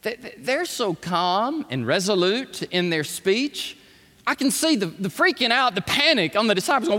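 Animated preacher with a high, lively voice. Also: male voice, normal speed. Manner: animated, shifting from hushed to shouting, calls on the congregation. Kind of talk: sermon. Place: church sanctuary. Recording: long hall reverb.

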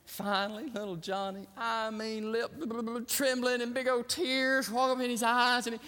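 A male pastor preaching, animated as he tells a story and hushed when he turns solemn. His voice is high and bright. The long reverb of a large hall surrounds it. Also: normal speed, clean tone. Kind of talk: sermon with storytelling.

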